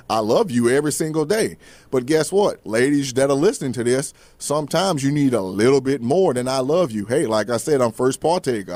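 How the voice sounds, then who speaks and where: Dry close-miked motivational host, folksy. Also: male voice, medium pitch, darkish tone, no echo. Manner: casual, repeats words, folksy asides. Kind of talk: motivational faith talk show.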